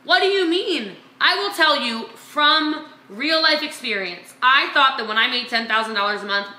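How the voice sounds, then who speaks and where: A woman business coach and vlog host giving an energetic, emphatic motivational talk to her sales team, repeating phrases for effect. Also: high voice, moderate pace, reverberant.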